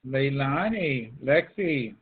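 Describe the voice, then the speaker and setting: Over a tinny, phone-like video call, a male math teacher gives an online class lecture in a mid-range, expressive voice that is slightly rough and slow. He coaxes his students, calling them by name.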